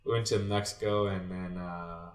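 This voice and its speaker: A young man from Southern California tells stories from his baseball days with a lowish voice. He talks in laid-back slang, says "like" and "dude" constantly, swears mildly, and his voice leaps up when he acts out what he said. The room gives the sound a roomy echo. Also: steady tone, normal speed. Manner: jumps high and loud when quoting himself. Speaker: guest, former baseball player. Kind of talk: casual storytelling chat.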